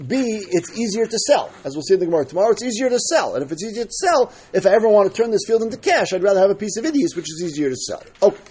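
Husky man teaching Talmud, lively pitch. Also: very fast, few pauses. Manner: explains step by step, asks and answers his own questions. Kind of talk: daily Talmud class.

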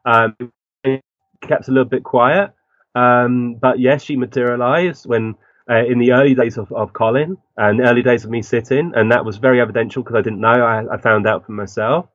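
A man, a guest on an interview, telling animated stories and acting out the voices of people in them. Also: medium pitch, moderate pace, dry recording. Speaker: guest medium. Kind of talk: interview storytelling. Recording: dull, dry lo-fi recording.

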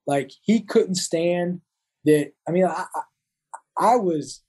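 Guy in his 30s, marine vet rambling thru stories in an interview, mellow voice. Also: sits high, takes it slowly, slightly rough, poor audio. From Kentucky. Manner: rambling, many restarts and fillers. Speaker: guest, Marine veteran. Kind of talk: casual storytelling interview.

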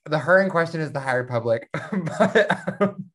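Woman, extremely low voice, wry, enthusiastic podcast co-host. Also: lively intonation, moderate pace, a bit bright. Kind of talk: casual fan discussion.

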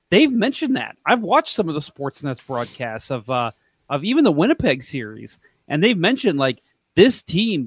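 Chatty man with a higher voice. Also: fairly bright tone, breathy edge, no room sound. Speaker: podcast co-host. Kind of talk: casual sports chat.

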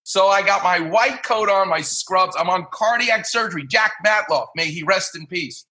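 A middle-aged man from New York, a surgeon guest on a podcast, telling lively anecdotes and acting out the people in them. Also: high-pitched, moderate pace. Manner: animated anecdote-telling, acts out quoted voices. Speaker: guest, orthopedic surgeon and radio host. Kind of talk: podcast interview storytelling.

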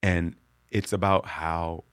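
A middle-aged man, a comedian, telling a profane story with loud bursts of laughter on a podcast. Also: sits low, little pitch movement, slow pace, smooth, dry recording. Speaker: comedian guest.

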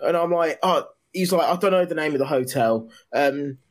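A man's voice: on the high side, normal speed. An English man telling a funny story in casual chat, laughing and swearing as he quotes people. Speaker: podcast host telling a story. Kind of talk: casual anecdote.

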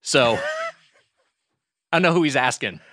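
A man's voice: fairly high pitch, huge pitch swings, slow, fairly bright tone, slightly rough, no echo, studio quality. A man hosting a podcast, making wry sarcastic asides and introducing the guest in a casual chat. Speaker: podcast co-host.

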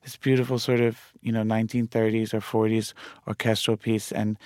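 A man with a blend of English and New York in his accent, chatting as an interview guest. His voice sits low with a smooth, resonant clarity, and his talk wanders with plenty of "like" fillers. The sound is close and dry. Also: flat delivery, brisk, darkish tone, no echo. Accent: mix of English and New York. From England. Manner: rambling, heavy use of "like" fillers. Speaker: music producer, guest. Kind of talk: casual conversation.

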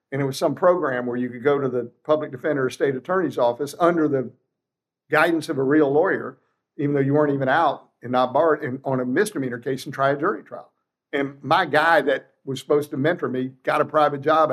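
Speaking briskly at medium pitch, a man in his sixties shares courtroom tales as a trial lawyer guest in a relaxed interview. His storytelling is blunt, salty and lively, with courtroom quotes performed out loud.

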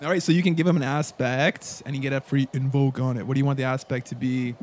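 A man running a tabletop game as game master, relaxed and often laughing. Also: mid-range voice, fast, slight background noise.

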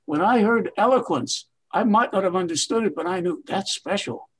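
An older man speaks as a guest in an interview, his voice sitting a little high for a man. He tells stories in an expansive, emphatic way, stretching his phrases for weight. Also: normal speed, a bit bright, breathy edge. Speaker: veteran TV writer and guest. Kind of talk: reflective interview storytelling.

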